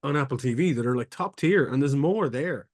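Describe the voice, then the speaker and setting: A man's voice: mid-range voice, expressive, fairly quick, darkish tone. A man co-hosting a podcast in casual chat, enthusing about a series in long rambling turns. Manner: rambling enthusiast with many restarts and fillers. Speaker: podcast co-host.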